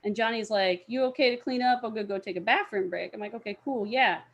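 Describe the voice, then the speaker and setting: A young woman telling a story as an interview guest, acting out the quoted people with loud outbursts and laughter. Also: a little high, fast, dull audio.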